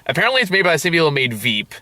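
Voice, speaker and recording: A man's voice: on the high side, sing-song, very fast, sharp tone, dry recording. A man hosting a casual movie review chat, rambling and laughing often as he trails off mid-sentence. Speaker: movie review show host.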